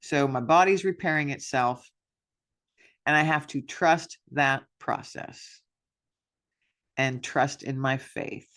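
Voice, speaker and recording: Brief: woman podcast host, candid self-deprecating monologue, bright forward tone. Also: low-pitched. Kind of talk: personal reflection monologue.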